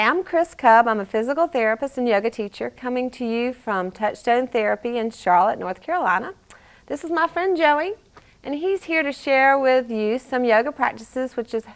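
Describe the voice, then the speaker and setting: A woman yoga teacher and physical therapist guiding a child through a yoga class, encouraging and playful, with animal sounds. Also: high voice.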